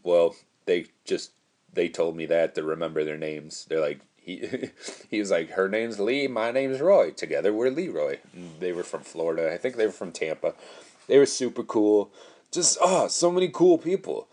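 A young man with a very low voice tells a story on his solo podcast. He rambles loosely, swears freely and laughs often as he goes. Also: moderate pace, a little mellow. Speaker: podcast host.

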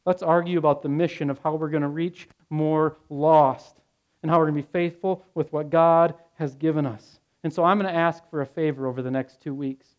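A man's voice: a little high, steady tone, fairly quick. A male pastor preaching a sermon, blunt and earnest, telling stories in a conversational way. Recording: dull lo-fi sound.

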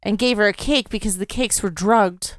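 A woman co-hosting a podcast, casually filling in plot details of a film in a relaxed chat. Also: mid-range voice, normal speed, dry recording. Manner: relaxed, adds plot details, some restarts. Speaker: podcast co-host. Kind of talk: casual movie review chat.

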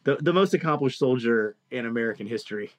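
Profane storytelling man, mid pitch. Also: fast, a loud crowd. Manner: animated, profane, acts out quoted people. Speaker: podcast co-host telling a story. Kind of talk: casual storytelling chat.

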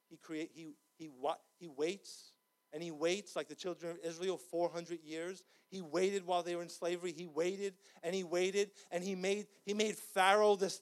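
A man preaching an impassioned sermon in a church, swinging from loud cries to quiet pleading. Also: fairly high pitch. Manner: impassioned, rising to shouts.

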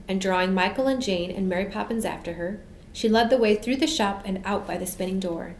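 Expressive woman reading a storybook aloud. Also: mid-range voice, a little fast. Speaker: narrator. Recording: echoey room, faint hum.

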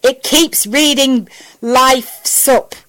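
A woman's voice: high-pitched, steady tone, drawn-out words, pushed and bright, a little hiss or hum, pitched above the performer's own voice, full character voice, poor audio. A woman voicing a blunt, moody admiral. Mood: exasperated. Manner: blunt, exasperated. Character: gruff male admiral hologram, blunt and moody.

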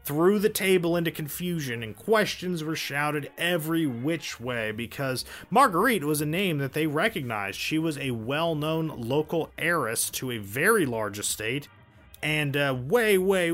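A man's voice: on the high side, fairly bright tone. A man telling a story casually on a podcast, with wry joking asides.

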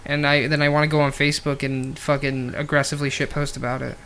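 A man's voice: fairly high pitch, little pitch movement, fast, sharp tone. Man, casual podcast chat, rambling, crude, laughing, faint noise behind. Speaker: podcast co-host.

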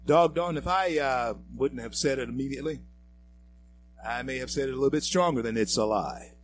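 A male talk radio host with a medium-pitched voice speaks briskly over slight background noise. He gives emphatic, preachy political commentary, talking directly to his audience and calling them folks and friends.

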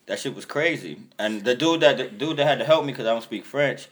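A young man chats on a podcast, spinning loose, rambling tour stories. He laughs often and slips into quick impressions of his friends. His voice sits at an ordinary middle pitch. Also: lively intonation. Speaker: touring musician. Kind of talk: casual podcast chat.

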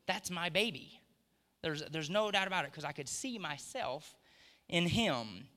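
A man's voice: a little high, normal speed. Middle-aged guy preaching, family stories, gets worked up, church echo all around. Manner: storytelling, rising to excited emphasis. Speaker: pastor. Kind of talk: sermon. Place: church sanctuary. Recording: long church hall reverb.

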